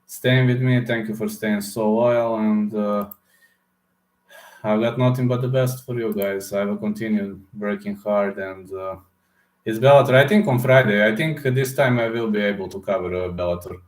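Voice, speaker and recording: A man from Serbia, hosting a casual livestream with a hoarse throat and often pausing to search for words. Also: on the low side, echoey room. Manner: halting, searching for words, many fillers. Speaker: livestream host answering chat.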